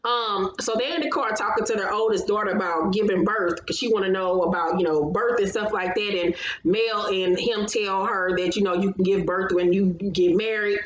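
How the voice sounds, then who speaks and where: A woman's voice: medium pitch, fairly even intonation, moderate pace, hardly any pauses, muffled recording. A woman hosting a casual reality show recap, talking in a blunt, profane, gossipy way. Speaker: host of a reality TV recap channel. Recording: roomy echo.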